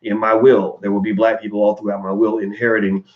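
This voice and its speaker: A man's voice: fairly low pitch, little pitch movement, quick pace. Earnest man on a roomy, dull stream. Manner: earnest and candid, with frequent fillers and restarts. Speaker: channel host answering viewer donations. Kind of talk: casual livestream commentary.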